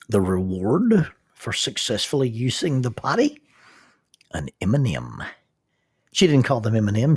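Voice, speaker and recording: A man's voice: mid-range voice, creaky, breathy edge, no room sound, clean studio sound. A middle-aged man hosting a podcast, telling humorous, folksy personal anecdotes. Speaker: podcast host and counselor.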